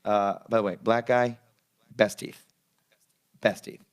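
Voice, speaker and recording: A man's voice: on the low side, fairly even intonation, takes it slowly, smooth. A young man co-hosting a podcast, telling rambling stories in a casual, laid-back way with crude jokes, in a studio. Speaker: podcast co-host. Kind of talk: casual chat.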